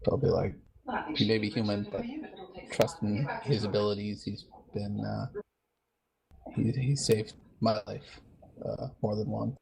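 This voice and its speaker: A man playing a tabletop role-playing game, speaking in character and out of character in a hesitant, halting way. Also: fairly low pitch, fairly even intonation, gravelly, a crowd in the background, low-quality recording. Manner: hesitant, halting speech with many pauses. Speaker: player. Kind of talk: casual in-character table talk.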